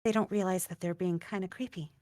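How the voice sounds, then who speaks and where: A woman's voice: lowish voice, steady tone, fast, a little mellow, no room sound, studio quality. A woman player in a tabletop game, thoughtful and musing aloud over a voice call. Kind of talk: casual game chat.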